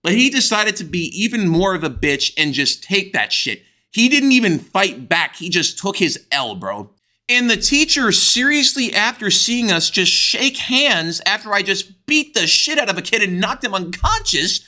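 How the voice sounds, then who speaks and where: A young man from the United States telling a crude, excitable storytime with plenty of swearing. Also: high voice, normal speed. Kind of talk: animated storytime vlog.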